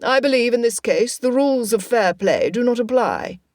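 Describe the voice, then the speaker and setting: A woman's voice: on the high side, animated, moderate pace, darkish tone, dry recording, studio quality, voice pushed up, close to an everyday voice. A woman voicing a stately older royal man, formal and authoritative, in an audiobook.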